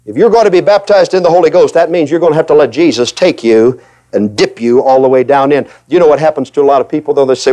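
A male preacher delivering a sermon with a notably high-pitched voice. He is animated and emphatic, slipping into little acted voices of hesitant listeners and hammering points home with repetition. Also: quick pace. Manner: animated, acts out voices of reluctant believers.

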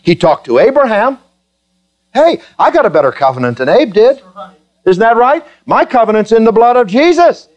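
A man's voice: extremely high pitch, big pitch swings, normal speed, darkish tone, highs cut off. A man preaching a sermon to his congregation, joking with them in a chatty way and then building to fervent, emphatic preaching. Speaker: pastor.

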